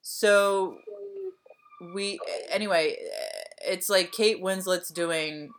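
A woman's voice: on the low side, fairly even intonation, extremely slow. A woman, co-hosting a podcast in casual, rambling chat full of fillers and swearing. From Delaware County, Pennsylvania. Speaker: podcast co-host.

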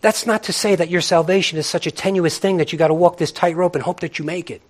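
Middle-aged male pastor, high voice, lively conversational preaching with acted-out asides. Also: quick pace. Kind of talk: sermon.

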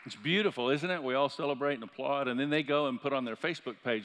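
A pastor preaching a sermon in a church, building up to loud, impassioned peaks. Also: male voice, medium pitch, quick pace, hardly any pauses. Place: church sanctuary. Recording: church hall reverb.

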